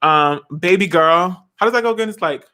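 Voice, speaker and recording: Woman in her 20s, lively dramatic vlogger chatting to camera. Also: lowish voice, a little fast. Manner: animated, dramatic, laughs often, sings snippets. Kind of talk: casual chat.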